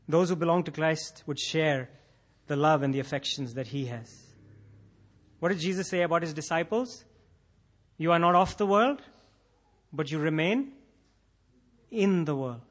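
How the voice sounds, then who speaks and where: A male preacher with a fairly high voice delivers a sermon. He builds to intense, impassioned emphasis and repeats phrases to drive them home. Now and then he acts out imagined prayers in a quoted voice. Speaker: pastor.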